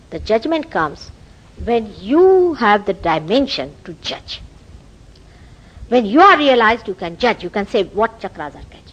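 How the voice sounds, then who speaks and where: A woman's voice: fairly high pitch, muffled recording. A woman from India with an Indian accent, giving a public spiritual talk as a teacher, telling stories and asking rhetorical questions. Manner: animated storytelling with rhetorical questions. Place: meeting house hall.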